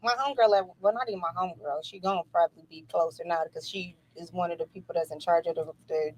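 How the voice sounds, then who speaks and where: A woman's voice: on the low side, fairly even intonation, fast, husky, poor audio. A woman in her thirties or forties chatting as a podcast co-host, bubbly and laughing easily. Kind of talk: casual podcast chat.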